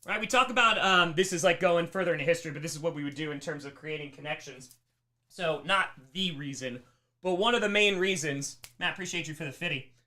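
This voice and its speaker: A man teaching a live history lesson on a stream, emphatic and animated, slipping into mocking voices. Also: fairly high pitch, fairly quick. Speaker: history teacher on a charity livestream.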